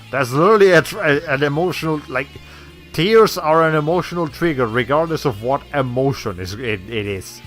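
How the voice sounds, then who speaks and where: With a slightly high, somewhat bright voice, a streamer offers casual let's play commentary as he plays a video game. He rambles, corrects himself, and chuckles along the way.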